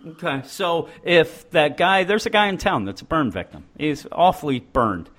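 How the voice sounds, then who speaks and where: A man's voice: fairly high pitch, expressive, moderate pace, a bit bright. A man hosting a podcast, riffing in rambling, profane, joking banter. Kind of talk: casual comedic banter.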